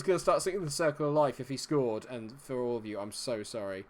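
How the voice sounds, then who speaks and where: Excitable man streaming a game. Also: medium pitch, brisk, hardly any pauses. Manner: excitable, chatty, reacts loudly to plays. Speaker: streamer playing a football management game. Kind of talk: live game commentary.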